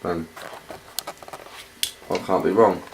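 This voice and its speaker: A man's voice: sits low, steady tone, slow. A man complaining in a formal, accusing way, addressing the other man by his title. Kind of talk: confrontational casual talk. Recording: echoey room with some noise.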